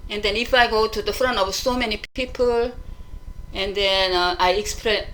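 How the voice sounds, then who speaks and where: Bright-voiced woman, halting and frank. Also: fairly high pitch, rough recording. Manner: halting, many fillers and restarts; frank and emotional when retelling. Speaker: vlogger. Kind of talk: casual spoken monologue.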